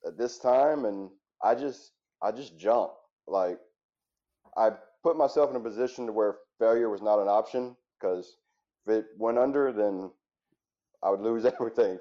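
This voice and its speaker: Earnest man, dark mellow voice. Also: lowish voice, muffled recording. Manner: earnest and reflective, with frequent restarts. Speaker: interview guest, former firefighter turned business owner. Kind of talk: candid interview storytelling.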